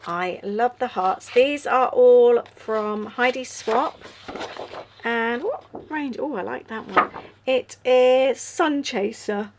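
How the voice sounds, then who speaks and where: A woman's voice: fairly high pitch, takes it slowly. Female craft host, 30s, tired late-night chatter, faint background noise. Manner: chatty, musing aloud, tired and yawning. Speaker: journaling channel host. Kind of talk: casual crafting chat.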